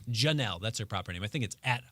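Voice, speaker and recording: A man's voice: fairly low pitch, expressive, racing, a bit bright, no room sound. Wry, joking man reviewing a film. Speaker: film reviewer and show producer. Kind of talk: casual radio show movie review. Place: radio studio.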